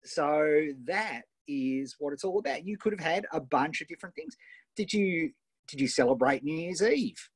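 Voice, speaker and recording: A middle-aged Australian man coaching entrepreneurs on a live webinar, energetic and encouraging, often ending points with "right?", recorded on a tablet mic. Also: on the high side, moderate pace, slightly rough, no echo. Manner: energetic, tag questions, reads out students' wins. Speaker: online business coach. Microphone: iPad Pro built-in mic.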